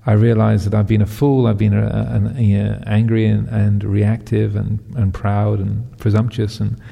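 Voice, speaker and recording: A man voicing an impatient, reactive king who is quick to accuse, speaking with a gravelly voice. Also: fairly low pitch, little pitch movement, long reverb tail, muffled recording. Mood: pleading. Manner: shouting accusations, demanding. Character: impatient, reactive, hot-tempered ancient king.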